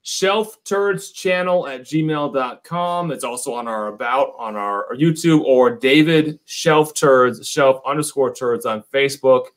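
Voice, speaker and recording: A man's voice: mid-range voice, unhurried, few pauses. Tipsy, chummy man on a livestream. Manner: enthusiastic, chummy, calls people buddy. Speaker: whiskey YouTube co-host, guest. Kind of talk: casual livestream chat.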